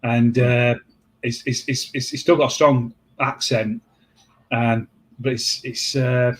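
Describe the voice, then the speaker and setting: A man hosts a relaxed conversation, rambling through his points and stopping to restart sentences. His voice sits at an average pitch for a man. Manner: rambling, halting, many restarts. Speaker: host. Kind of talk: casual chat.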